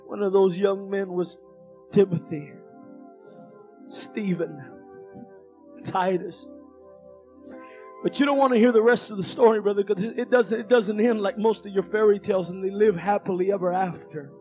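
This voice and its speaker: A male preacher gives a fiery revival sermon. He shouts with folksy phrasing and breathy "uh" fillers, and his voice is pitched very high. Faint music sits in the background. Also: steady tone, moderate pace, pauses often, dull audio.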